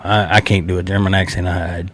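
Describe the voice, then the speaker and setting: A man's voice: low-pitched, little pitch movement, fast talker, a bit bright. A man from South Carolina with a Southern accent, talking football as a fan in a blunt, swearing, laughing casual way. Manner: blunt, swears freely, laughs between remarks. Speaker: sports fan podcaster.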